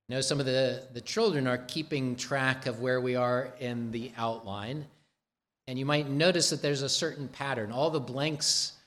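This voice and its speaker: A man preaching a sermon, slow and deliberate, stressing repeated words for emphasis. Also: mid-range voice, a bit bright. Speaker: pastor.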